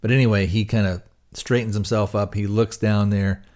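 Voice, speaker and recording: A man's voice: fairly low pitch, steady tone, normal speed, darkish tone. A man hosting a podcast, casually recapping a TV episode with lots of fillers and restarts. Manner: rambling, many fillers and restarts. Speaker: podcast host reviewing a TV episode.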